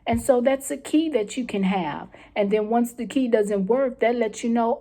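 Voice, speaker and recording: Leading a self-help lesson, this female mental health coach speaks warmly at normal speed in a voice on the high side, barely pausing. She repeats key points, stays encouraging, and keeps asking "okay?" to check in.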